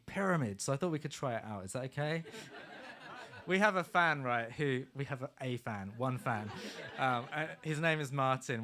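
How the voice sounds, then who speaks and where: A man fronting a band, joking casually with the audience between songs in a studio live room. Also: medium pitch. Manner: relaxed, joking, with filler ums. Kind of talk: casual stage banter.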